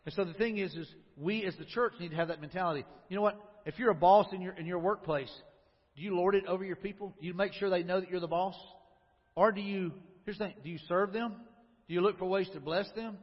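A man's voice: high-pitched, fast talker. A man preaching a sermon as a pastor, talking to the congregation in a conversational way and asking them questions. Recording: lo-fi recording with long hall reverb.

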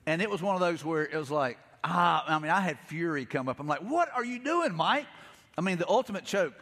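Middle-aged preacher, rapid storyteller with a slightly high voice, recorded live with long hall reverb. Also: male voice, a bit bright. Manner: storytelling, acts out quotes, frequent repeats. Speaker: pastor. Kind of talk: conversational sermon.

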